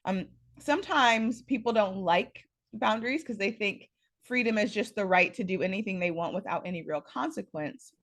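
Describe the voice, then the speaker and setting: A woman facilitating an online workshop with a slightly hoarse morning voice, speaking in a playful, animated way. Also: normal speed. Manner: animated, playful, varies pitch and loudness a lot. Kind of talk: informal presentation. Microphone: video call.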